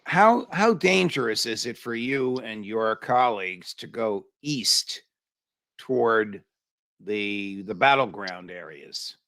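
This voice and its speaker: A male interview host with a gravelly, bright edge to his voice. He probes his guest with searching questions, stopping often to restart his sentences. The sound is dry and close to the mic. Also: on the low side, animated, no room sound. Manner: probing, pauses with fillers and restarts. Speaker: show host.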